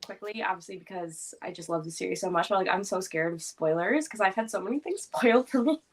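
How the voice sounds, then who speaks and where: A woman's voice: mid-range voice, fast, a little hiss or hum. A young woman guest on a reading livestream, rambling casually with lots of fillers. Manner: chatty, rambling with many fillers. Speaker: guest book vlogger. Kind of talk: casual chat.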